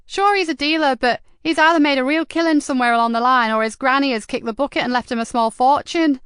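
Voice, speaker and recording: A woman's voice: high-pitched, fast talker, a bit bright, smooth, dry recording, studio quality, pitched above the performer's own voice. A woman voicing a cheeky, streetwise teenage boy who talks in eager, slangy bursts. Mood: confiding.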